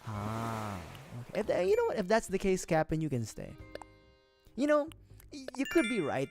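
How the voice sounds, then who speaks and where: A man's voice: high voice, huge pitch swings, moderate pace, vocal fry, a little mellow, soft background music. A man streaming a video game, chatting casually and rambling, joking, swearing freely and laughing at himself. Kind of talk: casual gaming livestream chat.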